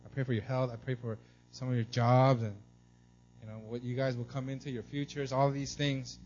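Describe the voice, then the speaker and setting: A man's voice: medium pitch, a little fast, muffled recording. A man in his thirties preaching a conversational sermon, telling family stories and often asking "right?". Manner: animated storytelling, acts out his son's excited squeals. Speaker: pastor.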